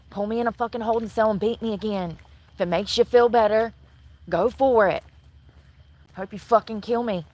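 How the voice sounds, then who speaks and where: A woman's voice: medium pitch, rough recording. A woman livestreaming outdoors at night from her phone, bitter and swearing constantly as she rants. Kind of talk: angry profane ranting livestream. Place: outdoors at night near a shopping center. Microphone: phone camera.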